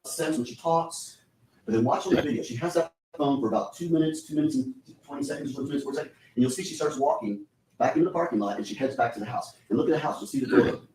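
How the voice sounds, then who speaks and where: A man delivers a courtroom closing argument at a brisk clip, hammering his points again and again. His voice carries from far off in an echoing room with a faint hum of ambience. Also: mid-range voice, warm tone. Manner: urgent, insistent, repetitive. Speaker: defense attorney. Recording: echoey courtroom audio from a distance.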